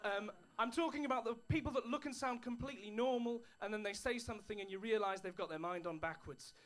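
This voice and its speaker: A man's voice: high-pitched, quick pace, a bit bright. A man doing stand-up comedy, dry storytelling with put-on posh voices. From England. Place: comedy club stage with an audience.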